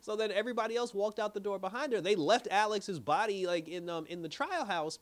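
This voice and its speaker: A man casually recapping a TV episode in an animated way, laughing often and acting out the characters' lines. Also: sits high, brisk. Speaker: TV episode reviewer.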